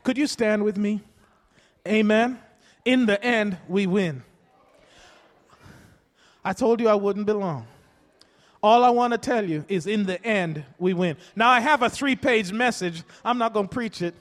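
A man preaching a rousing sermon in a church, repeating his points and building to loud, emphatic calls. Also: high-pitched, measured pace, long pauses, big-room sound. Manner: rousing, repetitive call-and-response preaching.

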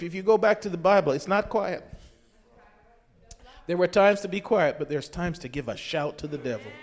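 A male pastor delivering a fervent sermon, his voice swelling into loud shouts as he exhorts the congregation. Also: high-pitched.

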